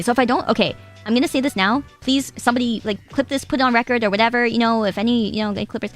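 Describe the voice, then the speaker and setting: A young Japanese woman, a VTuber streamer, chats casually with her live-stream chat, giggling, rambling and swearing now and then. Her voice is fairly high and she talks fast, with soft music playing in the background.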